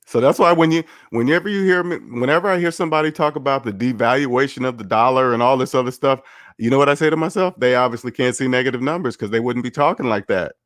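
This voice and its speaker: Man, finance livestream host, blunt and sarcastic, mid-pitched voice, dry close sound. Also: fast, a bit bright, no room sound. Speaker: finance commentator. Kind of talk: casual livestream commentary.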